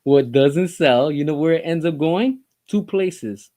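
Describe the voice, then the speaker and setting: A man's voice: a little high, lively intonation, unhurried, warm tone. A man giving an opinionated commentary monologue as a vlogger, talking in an impassioned, emphatic way full of rhetorical questions.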